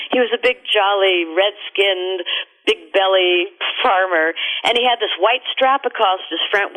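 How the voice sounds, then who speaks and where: A middle-aged woman, a radio guest, telling a story in an animated, expressive way. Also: mid-range voice. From America. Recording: tinny phone line.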